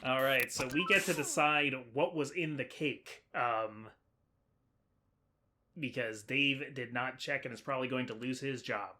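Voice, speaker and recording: A man's voice: mid-range voice, a little slow, sharp tone. A man giving casual commentary while playing a video game, chatty and thinking aloud as he goes. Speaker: let's play host.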